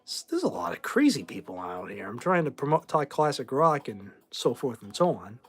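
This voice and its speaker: This forties-aged Boston host speaks at a moderate pace in a medium-pitched, slightly rough voice with big swings in pitch. On a casual livestream, he rambles through viewer questions offhandedly and doesn't soften his opinions.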